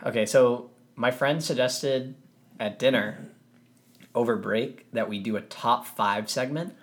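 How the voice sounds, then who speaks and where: Teasing young man, deadpan. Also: mid-range voice, a little slow. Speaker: podcast co-host. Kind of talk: casual chat.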